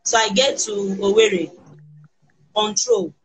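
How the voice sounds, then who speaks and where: A Nigerian woman with children recounts her ordeal in halting, restarting sentences. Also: medium pitch, steady tone, low-quality recording. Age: adult with children. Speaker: kidnapping survivor interviewed.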